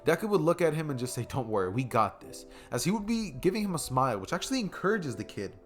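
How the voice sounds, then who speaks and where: A man's voice: fairly high pitch, sing-song, fast, faint music behind. A young man casually narrating an improvised fan story, rambling with many fillers.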